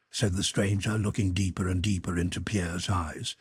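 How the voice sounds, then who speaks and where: A man reading a classic novel as an audiobook narrator in a steady, even storytelling voice. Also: low voice, moderate pace, hardly any pauses, husky, no echo.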